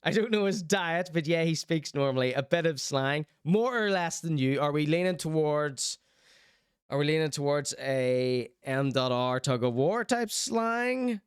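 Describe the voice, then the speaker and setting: A man's voice: fairly high pitch, lively intonation, unhurried, clean tone, dry recording, clean studio sound. Joking Irish man hosting a livestream. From Ireland. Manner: jokey, teasing, rambling banter. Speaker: livestream host. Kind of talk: live-streamed chat show, reading chat.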